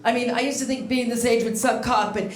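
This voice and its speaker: A woman's voice: on the high side, steady tone, brisk. A woman in her sixties doing a bawdy stand-up set, chatty and brash, teasing the audience. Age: 60s. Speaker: stand-up comedian. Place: comedy stage before a live audience. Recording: echoey room with loud crowd laughter.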